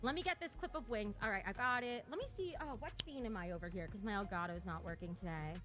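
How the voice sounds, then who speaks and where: A woman's voice: mid-range voice, quick pace, a bit bright, faint music behind. A woman streamer ranting casually on a livestream, profane and taunting, a little out of breath.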